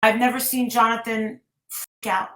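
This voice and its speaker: Woman, high voice, emotional rambling livestream storyteller, echoey room. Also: flat delivery, a bit bright. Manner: emotional, rushed, breaks off to scold her chat. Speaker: vlogger retelling a story.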